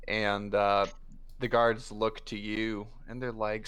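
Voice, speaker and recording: A man narrating as game master in a tabletop game, halting with many fillers. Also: on the low side, completely flat delivery, fairly bright tone, smooth. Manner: halting, filler-heavy narration with quick voiced asides.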